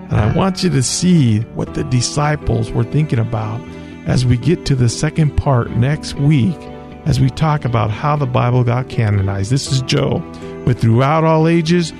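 A man's voice: medium pitch, animated, moderate pace, vocal fry, music in the background. A man hosting a radio show, retelling scripture stories in an earnest, storytelling way. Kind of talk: slow radio Bible teaching.

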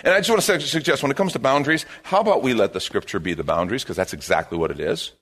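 A man preaching a sermon as a pastor, in an animated, conversational way, repeating his key phrases. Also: medium pitch, rapid-fire.

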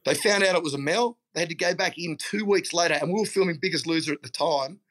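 A man's voice: on the high side, fast, fairly bright tone. A middle-aged Australian man chatting casually as a guest, telling blokey stories and calling people mate. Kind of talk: casual chat.

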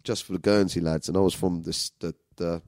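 A man's voice: deep voice, fairly even intonation, fairly quick, a little mellow, no echo. A man with a London accent telling rambling, profane stories to his viewers in a casual way. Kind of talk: casual storytelling monologue.

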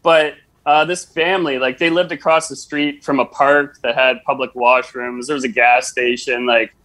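A man's voice: medium pitch, fairly even intonation, normal speed, bright, forceful tone. A man with a Canadian accent, a podcast guest telling stories in a laid-back, sarcastic way. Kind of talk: casual storytelling.

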